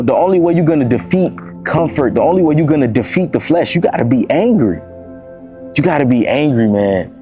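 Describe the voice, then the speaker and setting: A young man from Miami speaks to camera in a casual, sermon-like motivational talk, circling back to the same points and leaning on "bro" and "y'all." His voice is warm and dark. Faint music plays behind him. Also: mid-range voice. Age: 20s. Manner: preachy and repetitive, calls listeners "bro" and "y'all". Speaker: motivational vlogger.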